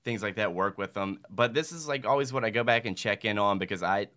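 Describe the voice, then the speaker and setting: A man's voice: fairly low pitch, fairly quick, bright, forceful tone, clean tone. A man in his thirties from Mississippi, a podcast guest chatting casually and earnestly, with many fillers like "like". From Mississippi, USA. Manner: earnest, rambling, heavy use of "like". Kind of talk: casual chat.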